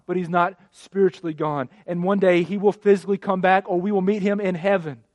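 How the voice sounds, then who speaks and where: A man in his thirties preaching a sermon, telling stories with animated swings between loud passages and hushed ones. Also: fairly high pitch, no echo. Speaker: pastor.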